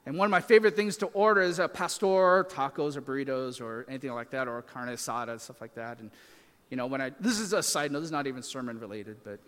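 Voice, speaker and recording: A man serving as pastor preaches a sermon in a conversational style, using fillers and self-deprecating asides. His voice is medium-pitched, quick and a bit bright, with a long reverb tail behind it.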